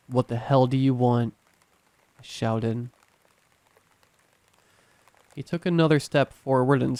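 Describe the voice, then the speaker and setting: A man narrating a scripted horror story in a measured, tense storytelling manner. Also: mid-range voice, a little mellow, smooth, no echo.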